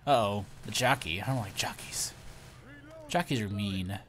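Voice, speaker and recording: A young man hosting a casual gameplay commentary, excitable and often startled. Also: fairly low pitch, moderate pace, a little hiss or hum. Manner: excitable, lots of startled exclamations. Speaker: let's play host.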